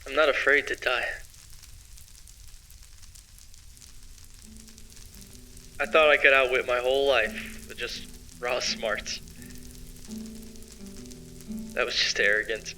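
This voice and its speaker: A man's voice: medium pitch, fairly even intonation, moderate pace, sharp tone. A young man voicing an arrogant male motivational streamer who speaks in a sarcastic, defiant, confrontational way in an amateur story drama. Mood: resigned.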